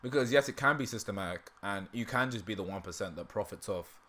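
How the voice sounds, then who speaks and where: A man's voice: on the low side, fast, bright, forceful tone, a little hiss or hum. A man hosting a livestream in casual, rambling chat, laughing often and breaking off mid-sentence, with a sore throat. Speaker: livestream host.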